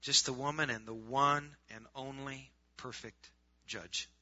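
A man preaching a sermon to a group, swinging from loud, urgent appeals to hushed, quiet stretches. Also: mid-range voice, fairly even intonation, measured pace, dry recording, lo-fi sound.

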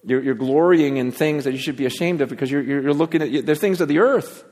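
A man preaching a sermon with a fairly high voice, carried by a long reverb. He drops to a hushed intensity, then climbs into raised, pleading appeals. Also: quick pace. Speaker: pastor.

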